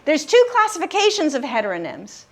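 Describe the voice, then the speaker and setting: A woman leading a group word game class, upbeat and encouraging, slowing down to stress syllables. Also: high-pitched, wildly swooping pitch. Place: room with a live group.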